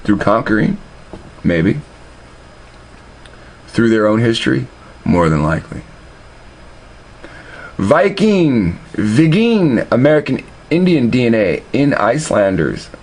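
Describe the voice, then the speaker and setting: A man's voice: lowish voice, lively intonation, normal speed, pauses often, darkish tone. A man telling profane, meandering stories in a casual monologue, often restarting his sentences. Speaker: video host. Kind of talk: casual rambling storytelling.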